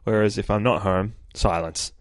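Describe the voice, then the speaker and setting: A man's voice: on the low side, fairly even intonation, moderate pace, no echo, studio quality. A man hosting a podcast, casually retelling a comic with frequent swearing and laughter. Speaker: podcast host. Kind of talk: casual comic book review.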